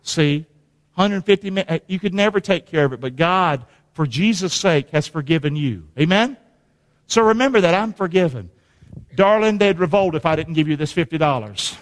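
A man preaches with a high voice that leaps all over the place, shouting one moment and dropping low the next. His words ring through a church sanctuary with long hall reverb. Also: normal speed. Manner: animated, swings from shouting to low and quiet. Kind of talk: sermon with call-and-response.

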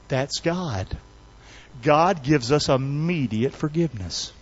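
High-voiced man preaching with call-and-response. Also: animated, slow, husky. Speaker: pastor. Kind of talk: sermon. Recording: slightly dull lo-fi sound.

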